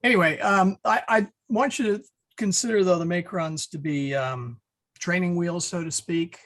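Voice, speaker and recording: A man teaching an online Latin class over a video call, relaxed with many fillers and restarts. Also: sits high, normal speed.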